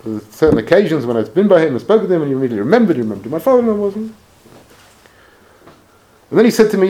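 A man recounts a personal anecdote in a lively, expressive storytelling manner. His voice sits somewhat high and his pitch rises and falls a great deal. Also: rapid-fire, pauses often. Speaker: speaker telling a personal story.

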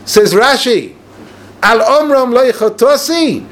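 A man giving a yeshiva-style Torah lecture as a rabbi, animated and sarcastic, peppering his English with Hebrew and Yiddish terms. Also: very high-pitched, takes it slowly.

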